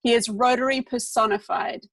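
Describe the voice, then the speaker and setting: A woman's voice: a little high, steady tone, moderate pace, fairly bright tone, no echo, low-quality recording. A woman with a New Zealand accent, playfully introducing a guest speaker. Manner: playful, upbeat.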